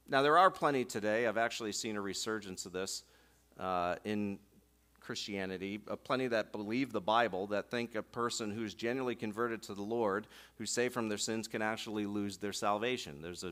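A man pastor preaching a sermon, emphatic, swelling and slowing down on key phrases. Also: on the low side, fairly bright tone.

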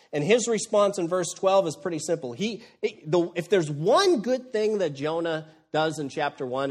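A man preaching an expository sermon, moving between hushed lines and loud, exclaiming ones. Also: mid-range voice. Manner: animated, swings from hushed to exclaiming.

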